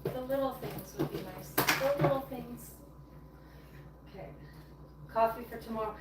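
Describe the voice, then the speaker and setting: Her voice is a little high and unhurried as she talks to livestream viewers from her home kitchen. She rambles casually while baking and tidying, and the room sound is distant, echoey and noisy.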